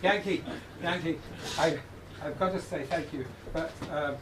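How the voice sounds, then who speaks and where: A man making halting, polite remarks to a synagogue gathering, stumbling and restarting as he adds points. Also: fairly high pitch. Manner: hesitant, many fillers and restarts, polite. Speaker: synagogue member and Torah scribe. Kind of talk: casual remarks to a congregation. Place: synagogue hall. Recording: echoey hall from far off with noise.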